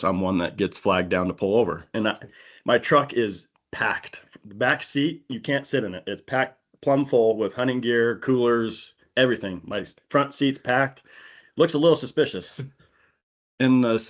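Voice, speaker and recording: A man on a podcast telling a long, animated hunting-trip story in casual chat, acting out the people he quotes. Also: on the low side. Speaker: podcast co-host. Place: indoor podcast studio.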